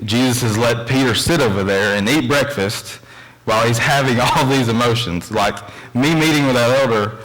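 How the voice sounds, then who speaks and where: A young man gives a church sermon in a plain, mid-pitched voice. He talks in an earnest, conversational way and drifts into storytelling asides between readings of scripture. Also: fairly bright tone, poor audio. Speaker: preacher.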